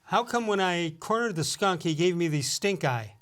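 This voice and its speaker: Brief: middle-aged host, a touch high-pitched, jokey and chuckling, reads corny puns to his cohost. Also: expressive, normal speed, a bit bright. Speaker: talk show host. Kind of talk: casual radio banter, reading listener jokes.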